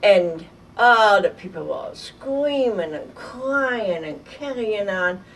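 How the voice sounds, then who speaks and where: An older woman from Germany telling a vivid, halting story from her childhood in an oral history interview. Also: mid-range voice, lively intonation. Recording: distant mic with faint noise.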